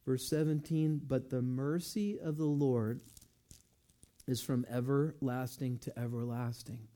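A man preaching a sermon, talking in a relaxed, conversational way and reading scripture slowly. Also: medium pitch. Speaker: pastor.

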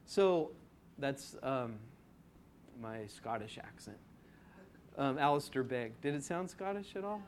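A man's voice: medium pitch, lively intonation, takes it slowly, pauses often, a little hiss or hum. A man preaching an expository sermon in a conversational way, asking his congregation rhetorical questions and stretching out key words for emphasis. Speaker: pastor.

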